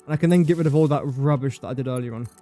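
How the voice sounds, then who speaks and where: A man's voice: medium pitch, rapid-fire, warm tone, faint music behind. Self-mocking man streaming a game. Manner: chatty, self-mocking, talks to objects while building. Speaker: livestreaming gamer. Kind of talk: casual game commentary.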